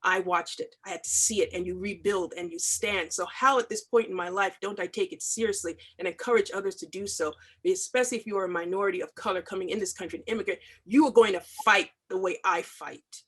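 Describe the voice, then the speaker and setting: A woman's voice: medium pitch, fast talker, few pauses, fairly bright tone, slightly rough. A middle-aged woman, a comics artist, talking in an interview with impassioned, emphatic stress and repeated phrases. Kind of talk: video call interview.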